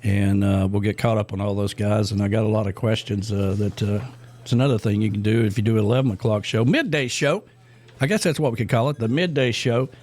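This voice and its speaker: A man's voice: lowish voice, a little fast, a little mellow. A middle-aged man co-hosting a radio show in casual chat, rambling with lots of fillers and restarts.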